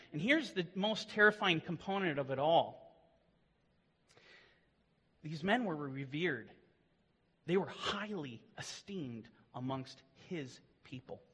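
Male preacher, earnest and emphatic, high bright voice, long hall reverb. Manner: earnest, swings between loud emphatic lines and low quiet ones. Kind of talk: sermon.

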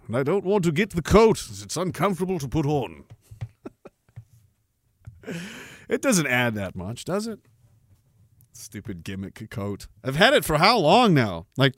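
A man hosting a podcast with a high, bright voice, ranting in a sardonic, profane way and laughing at his own jokes. The sound is dry and close. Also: no echo. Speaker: podcast host. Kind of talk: casual ranting commentary.

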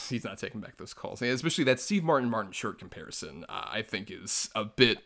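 A man's voice: lowish voice, sing-song, brisk, fairly bright tone. A man co-hosting a podcast, reading listener messages aloud and chatting in an earnest, grateful way with easy laughter. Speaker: podcast co-host.

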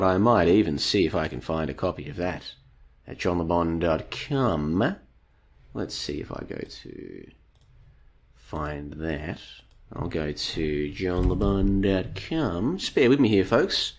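A man hosts a live stream in a low, expressive, slow voice, reading chat comments aloud and rambling at length. He addresses the audience as folks and stacks up rhetorical questions, and after two hours his voice is wearing out.

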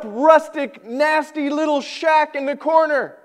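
A male pastor preaching a sermon, telling a folksy story in an animated way. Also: very high-pitched, unhurried, hardly any pauses. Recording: podcast recording.

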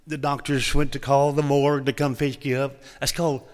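Folksy preacher in a reverberant hall. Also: male voice, mid-range voice, flat delivery, brisk. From Oklahoma. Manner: folksy, humorous, dramatic storyteller. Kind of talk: sermon testimony storytelling.

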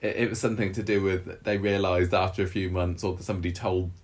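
A man co-hosting a podcast with a very deep voice. His chat is wry and full of dry asides. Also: little pitch movement, fast talker. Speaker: podcast co-host. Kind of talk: casual chat about a soap opera.

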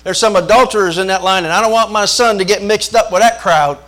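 God as a stern father, scolding and blunt, in a fairly high male voice, as a preacher acts him out in a sermon. The voice sounds close to the preacher's own. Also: fast talker, a bit bright. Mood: protective.

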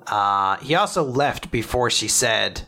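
A man with a bright, forward voice hosting a casual podcast and recapping comic chapters at his own steady pace. He talks in a chatty, loose way with lots of fillers and small restarts, and his voice sits in the middle of the male range. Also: mid-range voice, measured pace, creaky. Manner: chatty, filler-heavy, animated summarizing. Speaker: podcast host.

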